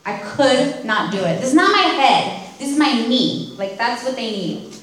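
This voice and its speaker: A woman's voice: a little high, lively intonation, normal speed, fairly bright tone, recorded from a distance. Woman sharing her recovery testimony, frank and wry, recorded in a heavily reverberant room. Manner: candid, self-deprecating humor. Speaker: speaker sharing recovery story at a meeting. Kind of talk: personal testimony talk. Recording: very echoey room.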